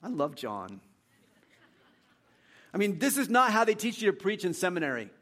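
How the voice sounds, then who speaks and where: Animated male pastor preaching a sermon. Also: high-pitched, normal speed. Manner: animated, acts out quotes with big swings in loudness.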